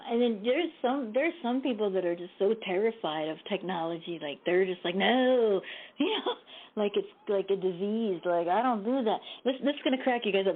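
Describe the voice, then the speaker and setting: A woman hosting a live internet radio show, telling stories in a chatty way, laughing often and swearing casually. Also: mid-range voice. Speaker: host. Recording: tinny phone-like line.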